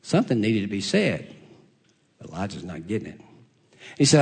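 A man preaching a sermon, soft-spoken, reading scripture in old-fashioned wording and sinking to a whisper for God's voice. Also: fairly low pitch, very animated, brisk, gravelly, pauses often, slightly rough. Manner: reads scripture in King James wording.

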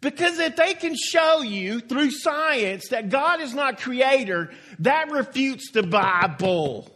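A man's voice: very high voice, lively intonation, takes it slowly, pushed and bright. A man preaching a sermon as a pastor, folksy and emphatic, stretching out key words for stress.

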